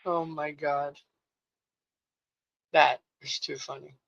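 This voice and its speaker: A woman's voice: deep voice, flat delivery, slow pace, creaky, a bit bright, dull audio. A woman co-hosting a poetry show, chatting in a giggly, exclamatory, rambling way. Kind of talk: casual chat.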